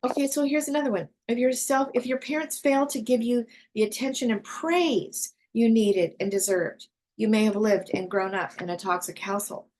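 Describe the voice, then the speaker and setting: A woman's voice: fairly high pitch, fairly even intonation, moderate pace, a little mellow, slight background noise. A woman hosting a casual group discussion, talking earnestly and emphatically with frequent restarts. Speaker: discussion host.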